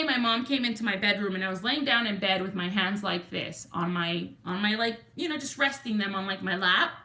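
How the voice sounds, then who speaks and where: A woman's voice: mid-range voice, bright, forceful tone. A woman with a Texan accent hosting a livestream, chatting casually and greeting viewers from the chat. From Texas. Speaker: livestream host.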